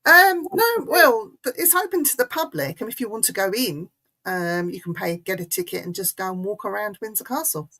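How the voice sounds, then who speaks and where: A woman's voice: medium pitch, expressive, fairly quick, sharp tone. A woman with an English accent, a paranormal investigator chatting casually as a guest, talkative and given to laughing and restarting her sentences. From England. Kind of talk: casual chat.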